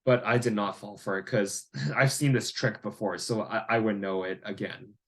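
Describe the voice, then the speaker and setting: A man's voice: fairly low pitch, steady tone, moderate pace. A man speaking in a casual monologue, rambling through a story with lots of "like" and "you know.". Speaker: vlogger and landlord.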